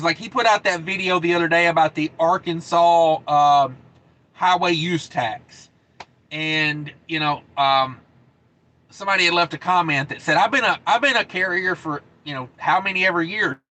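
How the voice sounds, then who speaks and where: A man's voice: on the high side, pushed and bright. A man in his thirties hosting a live trucking stream, chatting casually and reading comments with a laid-back drawl and many fillers. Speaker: trucking channel host.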